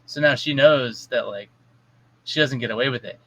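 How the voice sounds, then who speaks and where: A man's voice: mid-range voice, moderate pace, bright, forceful tone, poor audio. A man on a podcast in casual chat, blunt and swearing, telling stories about parenting. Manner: blunt, swears, acts out his stepdaughter in quotes. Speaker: podcast co-host.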